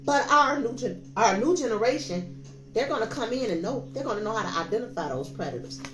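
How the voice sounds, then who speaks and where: A woman's voice: a little high, expressive, a little fast. Impassioned female tarot host with a preachy delivery who hammers lines by repeating them. Roomy, echoey sound with a faint music bed. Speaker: tarot reader and show host. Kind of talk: spiritual tarot reading monologue.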